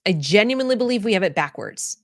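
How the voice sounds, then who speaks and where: Woman commentary host, mid-pitched, blunt and opinionated, repeats and restarts phrases. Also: sing-song, fast, no room sound, clean studio sound.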